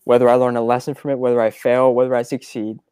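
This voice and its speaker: Smooth-voiced young man, close and dry. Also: mid-range voice, flat delivery, fast talker, dark tone, dry recording. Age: 20s. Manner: reflective, sincere, with small hesitations. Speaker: son and co-host. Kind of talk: casual storytelling.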